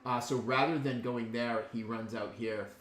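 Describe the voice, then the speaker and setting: A man's voice: mid-range voice, steady tone, moderate pace, fairly bright tone, echoey room, slight background noise. A man narrating a tabletop game as dungeon master, in a laid-back way with lots of ums and chuckles.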